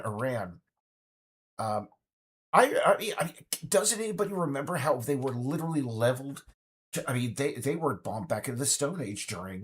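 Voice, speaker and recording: Husky man ranting with stammers. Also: medium pitch. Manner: stammering, restarts, mocking put-on voices. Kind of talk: ranting political monologue.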